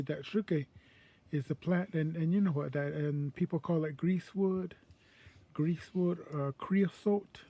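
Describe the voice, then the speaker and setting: A man from the Sonoran Desert in southern Arizona, teaching culture and language in an informal spoken way. He pauses often and circles back, restarting his sentences as he goes. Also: a little high, mellow. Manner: halting, circling speech with many pauses and restarts.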